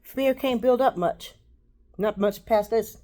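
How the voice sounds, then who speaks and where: A woman giving a rambling, preachy spiritual monologue, halting and repeating words, dropping to a hush and then rising loud. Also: fairly high pitch. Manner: preachy, swings between hushed and loud.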